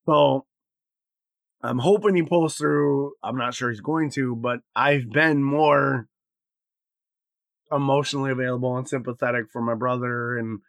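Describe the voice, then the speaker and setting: A middle-aged man talking casually as a podcast co-host, blunt and profane, moving between loud outbursts and quiet reflection. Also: medium pitch, fairly even intonation, a little slow, vocal fry, pauses often, dry recording. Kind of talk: casual chat.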